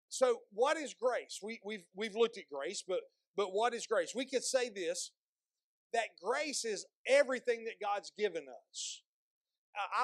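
A male pastor preaching a sermon, asking the congregation questions and slowing down to read scripture aloud with emphasis. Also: high-pitched, no echo. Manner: slows and stresses when reading scripture aloud; repeats words and restarts phrases, asks the congregation questions.

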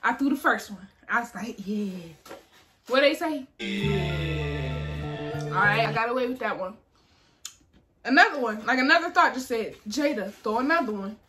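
A young woman vlogger telling a story in casual chat, animated and acting out the people in it. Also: fairly high pitch, normal speed, long pauses, over music. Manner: animated, acts out voices in her story.

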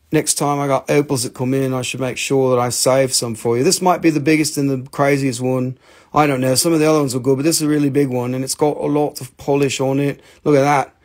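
Pitched fairly high and a little mellow, this male host runs a laid-back live sales stream for minerals. He cracks jokes, mocks himself and swears offhandedly as he shows off his stones.

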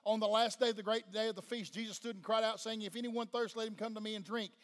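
A man's voice: high-pitched, little pitch movement, quick pace. A man with a Southern US accent preaching a sermon fervently, pressing the congregation with questions. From Tennessee. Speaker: pastor. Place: church sanctuary. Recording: long church-hall reverb.

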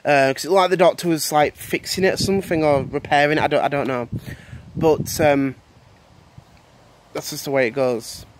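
A man's voice: a little high, moderate pace, long pauses, background noise. A young man, chatting casually on his video channel, rambling with many fillers and repeated words. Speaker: vlogger.

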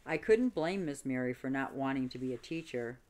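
A woman reading a children's book aloud in an expressive storytelling way. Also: very deep voice, a little fast. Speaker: reader.

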